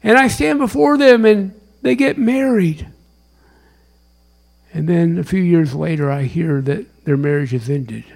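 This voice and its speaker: A man preaching a sermon with a gravelly edge in his voice, sitting a little high for a male voice. He is a chaplain who tells stories with sudden loud bursts and then drops to hushed whispers. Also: expressive, measured pace.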